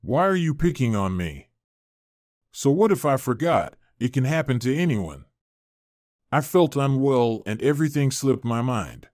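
A man reading the lines of a scheming, bossy older mother-in-law who makes shrill, accusing outbursts. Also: very animated, a little slow, darkish tone, no room sound, clean studio sound. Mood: scornful.

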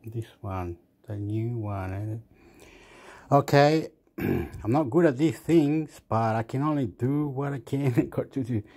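A man from Australia who talks slowly and haltingly, thinking out loud as he goes. He wanders between thoughts, chuckles at himself, and keeps circling back on what he means to say. His voice sits at a middling pitch. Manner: rambling, thinking aloud, self-deprecating. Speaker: vlogger. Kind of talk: casual phone review.

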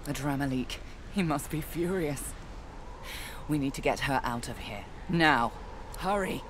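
A stern, commanding sorceress. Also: female voice, a bass voice, measured pace, background noise. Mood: urgent. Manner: urgent, clipped commands. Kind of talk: video game voice acting. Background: game music.

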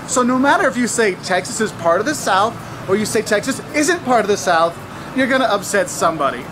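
A man hosting a travel video outdoors, explaining local customs in a lively, wry way. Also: extremely high pitch, fairly quick. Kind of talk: travel vlog commentary. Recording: outdoor clip with street noise. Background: traffic and street ambience.

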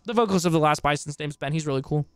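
Profane, hoarse male streamer reacting live. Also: on the high side, very fast, dry recording. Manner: profane, exclaiming, talks back at what he reads. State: hoarse from long talking. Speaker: streamer reacting to online drama.

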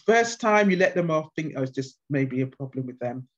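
A woman guest speaker at a conference, answering questions with passionate, animated stories. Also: rumbling low, normal speed. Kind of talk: conference Q&A with anecdotes. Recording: dull lo-fi sound.

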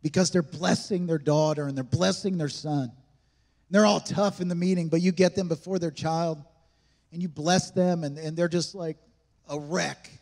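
Male pastor, high voice, emphatic conversational sermon, big hall reverb. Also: fairly even intonation, moderate pace, gravelly, darkish tone. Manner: emphatic, conversational preaching with rhetorical questions. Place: church sanctuary.

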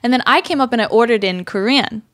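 Young woman chatting, kinda high voice, acts out quotes, dry close sound. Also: fast, no echo. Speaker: podcast co-host. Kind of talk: casual chat, storytelling.

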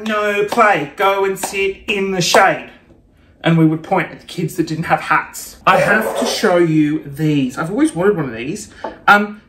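A young man vlogging a casual shopping haul, playful and self-mocking, with sudden excited gasps. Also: high voice, a little hiss or hum. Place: room at home. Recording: roomy home recording.

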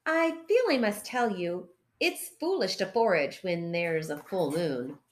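A woman reading a calm, unbothered fox gourmet. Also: on the low side, unhurried. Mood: knowing. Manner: unbothered, cheerfully matter-of-fact. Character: calm male fox who loves French cooking. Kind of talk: children's picture book read-aloud.

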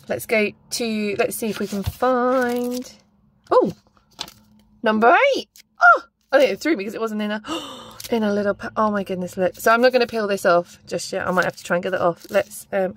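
A woman chatting casually through an unboxing, excitable and gushing, gasping and squealing over each item. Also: a little high. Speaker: planner unboxing vlogger.

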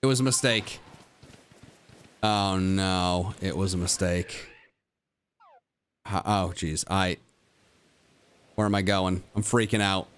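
A young male streamer narrates his gameplay live at an unhurried pace, his voice smooth and clear. He sits a little low in pitch, sliding from sighing groans into sudden excited yelps as he chats with his audience. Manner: animated talking to himself, mock-dramatic groans and sudden high yelps; addresses his chat directly. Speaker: game streamer.

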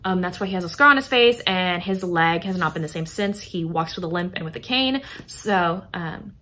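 A woman's voice: on the low side, lively intonation, moderate pace, bright, forceful tone, a little hiss or hum. A young woman vlogger chatting enthusiastically about romance books, with lots of fillers. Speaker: book vlogger. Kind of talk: casual book talk.

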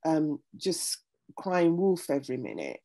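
A middle-aged woman speaking earnestly as an interview guest, animated when retelling stories. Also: low-pitched, a little slow. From United Kingdom. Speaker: interview guest, pastor and former nurse. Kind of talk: reflective conversation.

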